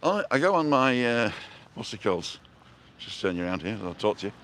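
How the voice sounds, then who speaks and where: A man with a fairly low voice hosts a casual live walking vlog from a town street and park, very animated and fairly quick. He rambles, greets viewers by name and films on a handheld phone, with soft outdoor ambience and slight background noise behind him.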